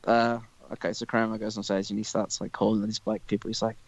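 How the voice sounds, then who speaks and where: A man's voice: on the low side, flat delivery, fast, gravelly, muffled recording. A young man hosting a casual podcast chat, rambling and profane, often stopping and restarting his thoughts. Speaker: podcast host.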